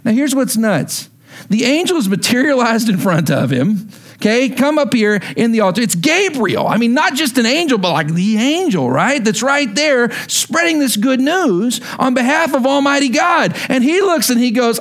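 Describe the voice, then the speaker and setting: A man's voice: very high-pitched, big pitch swings, normal speed, fairly bright tone. A man, a pastor, preaching a sermon in a conversational, emphatic manner.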